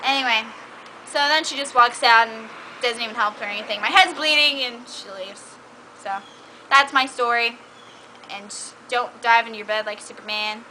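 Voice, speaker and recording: A woman's voice: a little high, normal speed, pushed and bright, a little hiss or hum, poor audio. A young woman telling a casual story in a bossy, chatty way, full of "like", recorded outdoors. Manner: chatty, bossy toward friend, lots of "like". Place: outdoors by a trash can.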